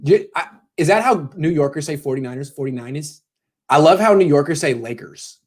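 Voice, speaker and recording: A man's voice: on the high side, lively intonation, a little fast, a little mellow. A man hosting a casual call-in show from home, talking loosely and joking as he takes callers. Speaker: host.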